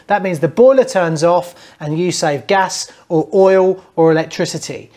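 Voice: medium pitch, a little mellow. A plumber explaining heating fixes to viewers in a blunt, teasing, jokey way. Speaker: plumber hosting a how-to channel. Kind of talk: casual instructional talk to camera.

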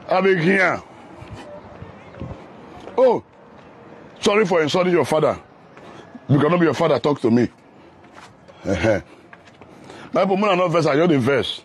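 A man's voice: fairly high pitch, sing-song, a little slow, long pauses, husky. A man with a Nigerian accent, vlogging outdoors on a road under construction in casual, teasing, sometimes heated commentary.

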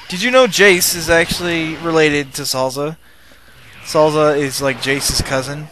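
A man giving casual, rambling gameplay commentary, excitable and swearing while he plays. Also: fairly high pitch, a little slow. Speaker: let's play host. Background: loud game music.

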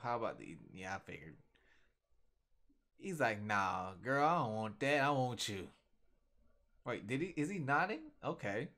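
Slangy animated young man reacting. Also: medium pitch. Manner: animated, slangy, reads comic lines aloud. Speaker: webcomic reaction YouTuber. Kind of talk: casual reaction commentary. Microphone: desktop USB microphone.

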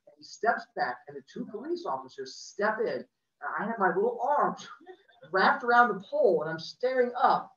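A man spins a personal story with a lively, swooping delivery. He acts out the people in it as he goes. His voice is bright and sits back from the mic in a roomy space on a muffled video-call recording. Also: high voice, moderate pace, recorded from a distance.

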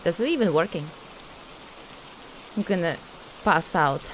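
Woman gamer, slow nervous commentary, faint rain behind. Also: on the low side, expressive, slight background noise. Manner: talks to the ghost, scared, laughing nervously. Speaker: streamer playing a horror game. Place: at home at her computer.

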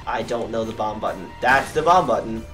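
A young man giving let's play commentary, cursing at enemies and getting excitable. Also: fairly low pitch, brisk. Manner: profane, excitable, yells at enemies. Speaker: gamer. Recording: distant mic with game music behind.

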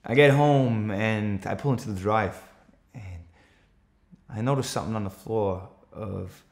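A man's voice: lowish voice, measured pace. A man from Australia acting a stage monologue, playing an anxious countryman who earnestly recounts a night drive. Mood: troubled. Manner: earnest, rising to urgent shouts when retelling the chase. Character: anxious rural man, defensive storyteller. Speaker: actor performing a stage monologue. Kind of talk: theatrical monologue.

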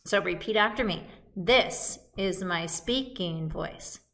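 A woman's voice: lowish voice, slow, a bit bright. A woman teaching a music lesson to young children in a cheerful, sing-song call-and-response way, recorded at home.

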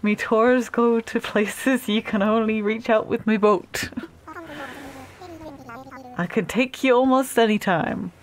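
A woman voicing a jolly male turtle sea captain, reading his game lines aloud in a slow, halting, sing-song way. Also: a little high, fairly even intonation.

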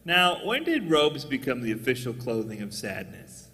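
A man doing a live stand-up comedy set on stage, jokey, often jumping into squeaky put-on voices. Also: sing-song, normal speed, bright, forceful tone, long reverb tail.

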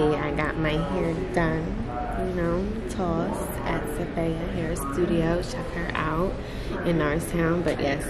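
Chatty young woman vlogger. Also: fairly low pitch. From Pennsylvania. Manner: chatty and playful, addressing viewers as y'all. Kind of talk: casual vlog chat to camera.

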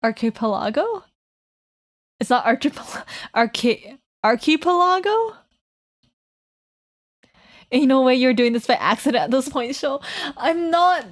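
A woman's voice: sits high, normal speed. A woman streamer chatting casually with her viewers, laughing often and teasing them. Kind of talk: casual live stream chat.

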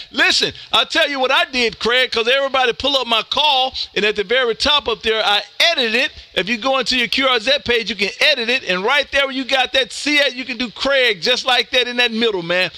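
Loud texan guy on ham radio, real high bright voice, dry close mic, folksy, says man a lot. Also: a little fast, no room sound. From Texas. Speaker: ham radio operator and streamer. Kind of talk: ham radio contacts on a live stream.

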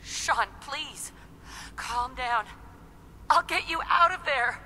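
A woman's voice: high voice, slow, bright, forceful tone, slight background noise, exaggerated voice. An anxious mother seeking her son. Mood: pleading. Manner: pleading, urgent, sometimes whispered. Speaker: game protagonist.

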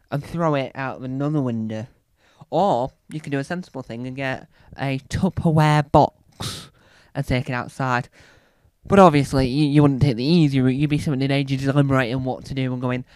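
A British man doing stand-up, telling a rambling story and acting out scenes with sudden loud, high squeals. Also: brisk, clean tone, dry recording. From Britain. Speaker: stand-up comedian.

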